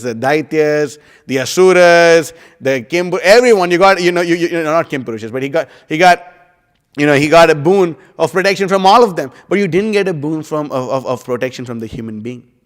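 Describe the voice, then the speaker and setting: A man's voice: fairly high pitch, long reverb tail, lightly acted. A man voicing an earnest, wise male demon advisor who pleads insistently with his brother, in a casual scripture class.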